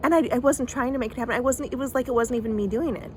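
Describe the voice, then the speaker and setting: A woman talking casually to camera outdoors in a faith vlog, chatty and animated, with lots of fillers and restarts. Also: a little high, rapid-fire, a little hiss or hum. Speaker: vlogger. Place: outdoors in bright sun.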